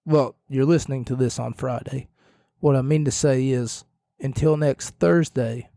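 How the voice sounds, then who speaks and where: A man hosting a solo wrestling podcast, rambling and correcting himself with jokes, his voice a little hoarse. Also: mid-range voice, unhurried, warm tone, dry recording. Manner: rambling, self-correcting, jokey. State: slightly hoarse, losing his voice. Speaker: podcast host.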